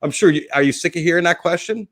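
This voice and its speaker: A man's voice: a little high, fast talker. Rambling Jersey-accented man hosting. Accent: New Jersey. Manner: rambling, enthusiastic, frequent restarts. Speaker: host. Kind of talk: casual interview chat.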